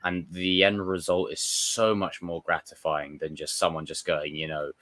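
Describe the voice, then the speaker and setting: Uomo dalla voce grave e asciutta, chiacchiera da live. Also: male voice, low-pitched, level tone, normal speed, a bit bright, no room sound. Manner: rambling, emphatic, swears often. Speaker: livestream host. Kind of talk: casual livestream chat.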